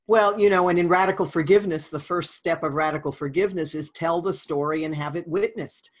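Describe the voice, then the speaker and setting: Husky-voiced woman co-host. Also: on the low side, brisk. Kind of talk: casual talk.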